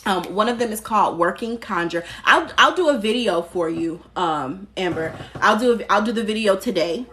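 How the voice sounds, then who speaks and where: A woman's voice: medium pitch, animated, normal speed, hardly any pauses, bright, forceful tone, a little hiss or hum. A woman hosting a casual live stream from her phone, chatting candidly, answering viewer comments and swearing now and then.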